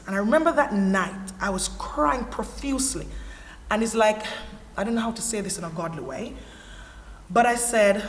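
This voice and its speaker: Speaking at normal speed and medium pitch, a woman with a Jamaican accent tells her personal testimony on a panel, with a little hiss or hum in the audio. She is an earnest, candid storyteller who stays animated throughout. The setting is a church hall, recorded with echo and faint ambience.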